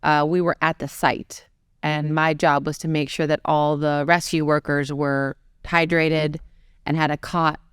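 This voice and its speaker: A woman's voice: deep voice, flat delivery, smooth, dry recording, studio quality. A woman in her forties, a fashion designer, telling stories from her career in a casual interview. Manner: conversational, quick anecdotes with acted-out quotes.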